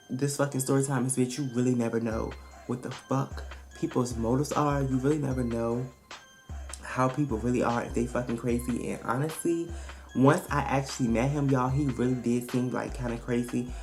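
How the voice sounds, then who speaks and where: Very low-voiced, sassy woman vlogger. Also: fairly quick, faint music behind. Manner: blunt, profane, sassy storytelling; animated, emphatic retelling. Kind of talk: casual storytime vlog.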